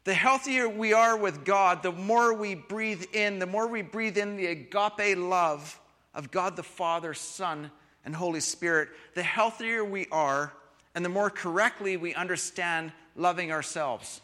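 A man preaching a sermon, switching between quiet reflective lines and loud, emphatic ones. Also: sits high, measured pace. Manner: expressive, shifts from soft to loud emphasis. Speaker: pastor. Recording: long hall reverb.

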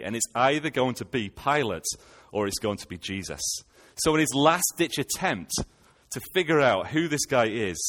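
A man's voice: mid-range voice, a bit bright. Man preaching in a reverberant hall. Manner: retells scripture with rhetorical questions. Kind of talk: sermon.

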